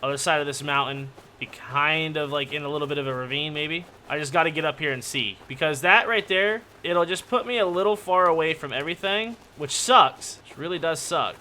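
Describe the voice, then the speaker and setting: Bright-voiced joking gamer man. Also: fairly high pitch, brisk, few pauses, a little hiss or hum. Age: adult. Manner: joking, rambling, yelps when startled. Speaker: gaming YouTuber. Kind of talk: casual gaming commentary.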